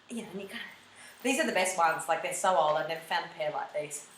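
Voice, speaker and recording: An Australian woman talking to camera in a comic confessional vlog, animated and jokey, now and then jumping into a squeaky high voice. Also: fast, a little hiss or hum. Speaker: vlogger.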